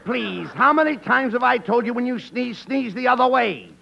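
A man playing the brisk, scolding straight man in a 1940s radio comedy. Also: very high-pitched, animated, creaky. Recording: dull old radio broadcast with hiss.

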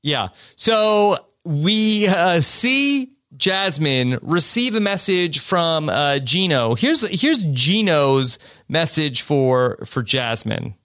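A man co-hosting a casual podcast, talking in halting bursts with many uh's and quick laughs. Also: a little high, very animated, fairly bright tone, no room sound, clean studio sound. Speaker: podcast co-host.

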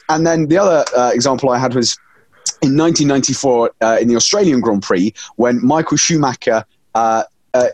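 A man on a motorsport chat podcast tells stories with real gusto, his pitch swinging high for the punchlines. He keeps it jokey and now and then drops into comic voices. The sound is dry and close to the mic. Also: husky, no room sound. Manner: animated storyteller, jokey put-on voices. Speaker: podcast panelist. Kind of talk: casual chat.

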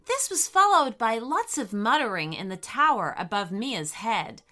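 A woman reading a bedtime story aloud in a gentle, expressive way. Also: a little high, unhurried.

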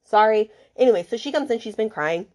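A woman's voice: a little high, animated, fairly quick, a little mellow. Chatty, indignant woman recapping a book. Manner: chatty and emphatic, full of fillers and swearing. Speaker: book podcast host.

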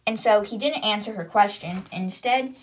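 A woman's voice: medium pitch, normal speed, slight background noise. Chatty woman recapping a book. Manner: chatty retelling with lots of "like" and paraphrase. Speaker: book podcast host. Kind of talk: casual chapter recap.

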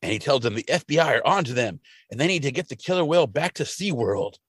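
Animated man recapping a show. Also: mid-range voice, quick pace, slightly rough, no echo. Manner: animated storytelling, acting out quotes. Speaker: podcast co-host. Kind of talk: casual episode recap.

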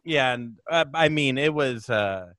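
Comedian guy hosting a podcast, bright tense voice, dry close sound, kinda rambly. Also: mid-range voice, lively intonation, no echo. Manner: rambling, halting, many fillers. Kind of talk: casual podcast chat.

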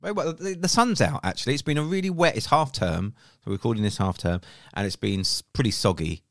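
A man's voice: mid-range voice, animated, fast talker, no echo, studio quality. A middle-aged man co-hosting a podcast in casual chat, with frequent restarts. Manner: chatty, with repeated restarts. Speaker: podcast co-host.

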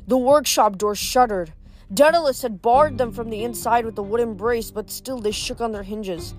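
A woman's voice: on the high side, normal speed, faint music behind. A woman reading chapters of a novel aloud, often stumbling over words and restarting. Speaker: reader.

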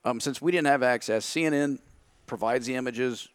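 A man's voice: mid-range voice, moderate pace, clean tone, dry recording. A man telling a story in casual chat, acting out his own past thoughts. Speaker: podcast guest.

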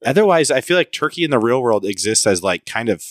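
Brief: young male co-host, animated pitch, dry mic, teasing banter. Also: fast, no room sound. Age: young adult. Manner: teasing, playfully indignant. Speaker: podcast co-host. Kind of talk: casual chat.

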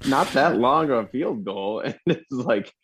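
A man's voice: medium pitch, lively intonation, unhurried, fairly bright tone, a little hiss or hum. A man co-hosting a casual football talk show, breaking down plays in an easygoing way and chuckling often. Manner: easygoing, chuckling, laid-back analysis. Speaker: sports podcast co-host. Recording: dull lo-fi sound.

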